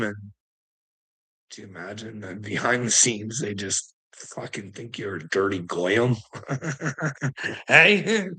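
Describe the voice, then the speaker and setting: A man speaks at a slow, unhurried pace in a loose, rambling monologue. He chuckles between phrases, swears freely and keeps throwing out rhetorical questions. His voice sits at an ordinary middle pitch. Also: fairly bright tone. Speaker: channel host.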